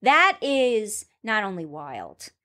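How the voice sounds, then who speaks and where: Animated woman telling kitchen stories. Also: mid-range voice, slow pace. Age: middle-aged. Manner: animated, acts out a shouting boss in quoted bursts. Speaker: chef, former cooking-show contestant. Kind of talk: casual interview storytelling.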